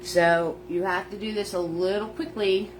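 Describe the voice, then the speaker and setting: A woman's voice: medium pitch, fairly even intonation, normal speed, slight background noise. A woman teaching a live painting lesson, narrating each step in a chatty way. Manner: chatty, step-by-step narration, greets viewers by name. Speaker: painting instructor. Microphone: phone.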